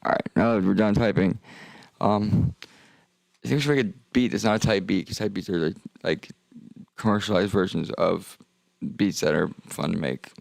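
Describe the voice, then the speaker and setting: A man's voice: deep voice, moderate pace, creaky, a little mellow, dry recording. A young man streaming, rambling and joking in casual talk that trails off into mumbles.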